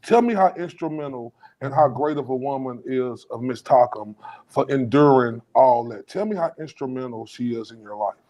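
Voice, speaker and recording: A man co-hosting a podcast, asking relaxed, friendly questions and giving shout-outs in casual chat. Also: mid-range voice, normal speed, low-quality recording. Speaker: podcast co-host.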